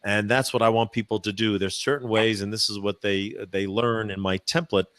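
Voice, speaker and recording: A man, a professional speaker, answering interview questions in a chatty, animated way with many fillers and restarts, using a practiced voice dropped low from the diaphragm. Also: normal speed, dry recording. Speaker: professional speaker, podcast guest. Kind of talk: casual interview answers, storytelling. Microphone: microphone.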